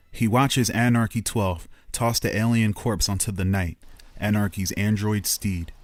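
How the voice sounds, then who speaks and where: Man game master, low steady storyteller, music behind. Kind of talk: narrating a tabletop game. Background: background music.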